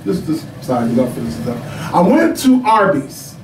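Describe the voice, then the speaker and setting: A man preaching a sermon, telling stories with animated shouts and laughter. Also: on the high side, normal speed, reverberant, recorded from a distance, slight background noise, rough recording. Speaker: pastor.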